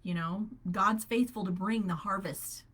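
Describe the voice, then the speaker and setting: A middle-aged woman coaching a group on a live call, speaking with lively, animated conviction. She laughs easily and keeps an upbeat, encouraging energy as she talks. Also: mid-range voice, measured pace, husky. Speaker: holistic health coach.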